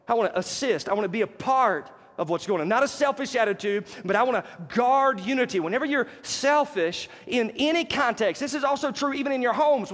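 A man's voice: extremely high pitch, long reverb tail. A male pastor preaching a sermon in a conversational style, calling out to the congregation for responses.

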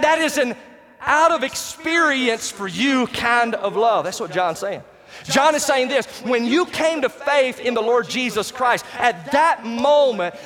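A man preaching a sermon as pastor, emphatic and rising to shouts on key words, and calling out to the congregation for responses. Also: very high-pitched. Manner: talks to the congregation directly, asks for responses. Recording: long reverb of a large hall.

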